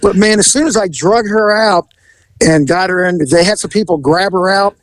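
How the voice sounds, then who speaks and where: A man hosting a podcast, telling an animated story in casual chat, acting out the voices and laughing as he goes. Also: sits high, normal speed, no room sound, low-quality recording.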